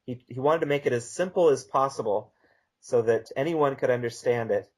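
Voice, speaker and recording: Casting: man, mid-pitched, calm and measured interview guest. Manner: measured, reads a text aloud slowly. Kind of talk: conversational podcast interview.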